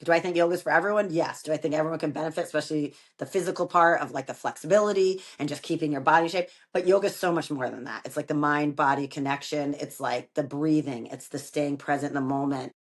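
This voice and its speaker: A woman with a low, deep speaking voice talks in a relaxed conversational way. She runs a yoga studio and tells her stories with animation, slipping into the voices of the people she quotes. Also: fast, hardly any pauses. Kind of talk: casual conversation.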